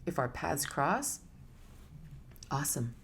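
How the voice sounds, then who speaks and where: A middle-aged woman with a low, gravelly voice gives a relaxed spoken talk. She is animated and laughs often, slipping into little voices to act out her thoughts. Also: slow. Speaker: spiritual teacher giving a live talk.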